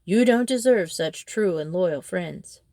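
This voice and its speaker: A woman's voice: fairly low pitch, animated, a little slow, dark tone, no echo, studio quality. A woman voicing a sensible male water rat who speaks in a stern, reproachful way.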